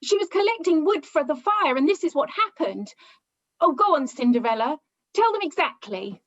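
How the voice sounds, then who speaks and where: Woman playing buttons from panto, very high bouncy voice, gushy and earnest, muffled lo-fi sound. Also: animated, normal speed. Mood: gushing. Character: Buttons, cheerful lovesick male servant. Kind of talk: amateur pantomime acting.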